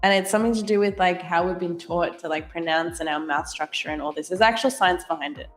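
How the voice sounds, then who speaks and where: A woman's voice: lowish voice, quick pace, roomy sound, soft background music. A woman with an Australian accent co-hosting a live stream, chatting casually, laughing often and reading the chat aloud. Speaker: livestream co-host.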